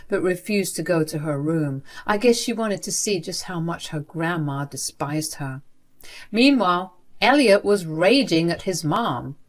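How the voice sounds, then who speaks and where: A woman narrating a first-person family drama story in a matter-of-fact way. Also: lowish voice.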